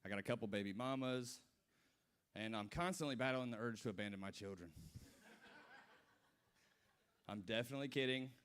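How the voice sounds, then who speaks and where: A man's voice: mid-range voice, moderate pace, long pauses, a bit bright, slight background noise. A man in his twenties doing a stand-up set at a brewery, telling loose, profane stories with asides to the crowd. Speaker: stand-up comedian. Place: brewery comedy stage.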